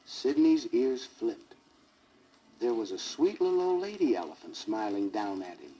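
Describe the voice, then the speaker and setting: A man's voice: fairly low pitch, very animated, moderate pace. A man narrating a children's storybook record, with jokey asides to the listener, on a crackly 1960s vinyl record.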